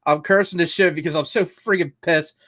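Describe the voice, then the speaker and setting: A man's voice: on the high side, fairly even intonation, fairly quick, a bit bright, dry recording. A man co-hosting a casual sports podcast, ranting in a frustrated, profane, rambling way. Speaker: podcast co-host.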